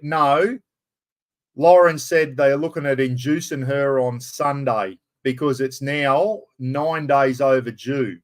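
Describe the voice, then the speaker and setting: A middle-aged man from far north Queensland with an Australian accent, rambling and greeting viewers by name as the host of a casual live stream. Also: mid-range voice.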